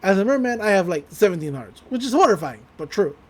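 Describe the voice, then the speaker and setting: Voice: mid-range voice, sing-song, fast talker, darkish tone. A podcaster voicing a lovesick young merman who reads out an earnest cartoon love letter in a dreamy voice.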